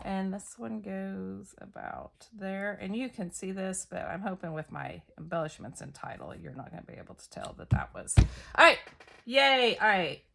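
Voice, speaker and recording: A woman's voice: medium pitch, normal speed, gravelly, bright, forceful tone. A middle-aged woman chatting casually and laughing at herself as she talks through a scrapbook layout. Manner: chatty, self-deprecating, thinking aloud while working. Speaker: scrapbooking crafter. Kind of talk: casual craft process narration.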